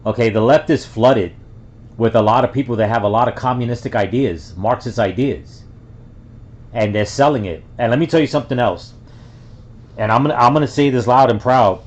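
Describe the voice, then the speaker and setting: A man's voice: mid-range voice, moderate pace, pauses often, a little mellow. A man from the Bronx giving casual reaction commentary, rambling with many fillers and restarts. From the Bronx, New York. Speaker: reaction video host. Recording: dull lo-fi sound.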